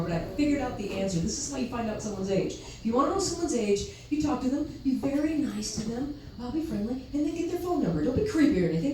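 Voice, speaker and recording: A woman's voice: sits high, noisy background. A woman stand-up comedian performing a set, speaking conversationally and talking to the audience. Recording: echoey club audio from far off with crowd.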